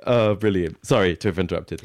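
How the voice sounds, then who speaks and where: A man's voice: low-pitched, a little fast, darkish tone, no room sound, studio quality. A man co-hosting a podcast in a playful, laughing casual chat. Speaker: podcast co-host.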